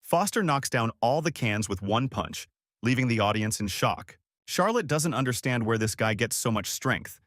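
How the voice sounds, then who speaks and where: A man narrating a comic story recap in a steady, scripted present-tense summary. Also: mid-range voice, dry recording, studio quality.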